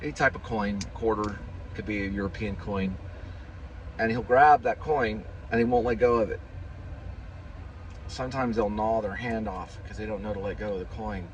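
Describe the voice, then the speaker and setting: A man's voice: lowish voice, steady tone, normal speed, dull audio. A man, vlogging casually while driving, talking in a rambling, folksy, self-deprecating way. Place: in a car on city streets. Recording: road and traffic noise.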